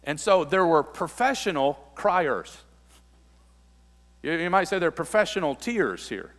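A male pastor preaching a sermon, his voice a touch higher than most men's. He reads scripture and then explains it, building to emphatic peaks. His words ring out with the long reverb of a large hall. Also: very animated, a little slow, fairly bright tone.

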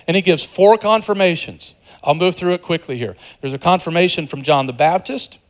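A pastor preaching a sermon in an animated, conversational way, joking with the congregation and dropping to a hushed voice for quieter passages. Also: male voice, high voice, fairly quick. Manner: animated, swings between loud emphasis and hushed, softer passages.

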